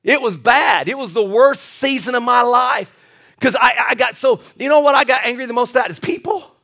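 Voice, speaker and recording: A male pastor preaching a lively sermon with jokey asides and repeated restarts. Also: very high voice, moderate pace.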